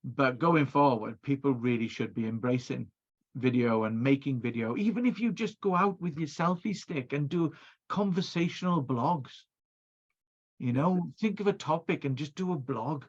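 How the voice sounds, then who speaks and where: A man's voice: medium pitch, normal speed. Chatty Welsh man, dull call audio. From Wales. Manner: chatty storyteller with many restarts. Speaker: video producer guest. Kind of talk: casual interview chat.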